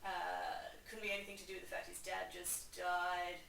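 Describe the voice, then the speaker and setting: A woman's voice: on the low side, little pitch movement, normal speed, gravelly, fairly bright tone, reverberant, recorded from a distance, a little hiss or hum, low-quality recording. A woman putting on a smug older father, a busybody who talks in a self-satisfied, doting way.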